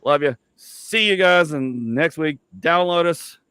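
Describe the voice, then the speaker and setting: A man's voice: a little high, measured pace, bright, forceful tone, clear, resonant tone, dry recording. A middle-aged man hosting a podcast from home, talking loosely with lots of fillers and jokes. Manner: loose, rambling, joking, many fillers. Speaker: podcast host. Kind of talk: casual podcast chat.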